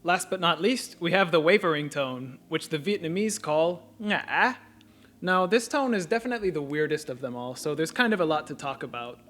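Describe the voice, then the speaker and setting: Calm male narrator, slightly high voice, methodical lesson voice-over. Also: brisk, few pauses. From United States. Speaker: language teacher.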